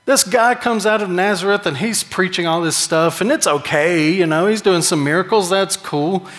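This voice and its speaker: A man's voice: high voice, normal speed, a bit bright. A man preaching a sermon in a conversational, joking way, with emphatic rises. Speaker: pastor. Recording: long hall reverb.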